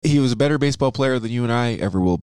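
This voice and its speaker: A man's voice: mid-range voice, very fast, a little mellow, clear, resonant tone, no echo, clean studio sound. A man co-hosting an investing podcast in a casual, upbeat, chatty way. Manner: upbeat, chatty, self-aware about his "radio voice". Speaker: podcast co-host, financial advisor. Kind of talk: casual chat.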